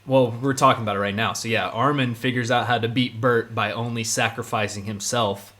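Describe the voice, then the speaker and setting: A man co-hosting a casual podcast, talking like an excitable, argumentative fan who keeps saying "dude.". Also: mid-range voice, a little fast. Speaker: podcast co-host. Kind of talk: casual chat about an anime.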